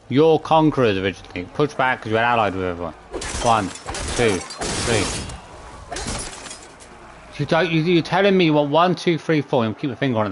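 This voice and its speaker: A man's voice: medium pitch, slight background noise. A man streaming a video game, exasperated, swearing and counting his button presses aloud. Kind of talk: live gameplay commentary.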